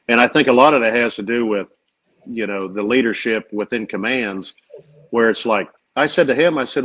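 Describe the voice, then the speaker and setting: A man's voice: medium pitch, moderate pace, a bit bright, rough recording. A man, a Marine veteran co-hosting a podcast, talking earnestly and rambling with many fillers. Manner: earnest, rambling, acts out quoted leaders. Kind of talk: casual chat.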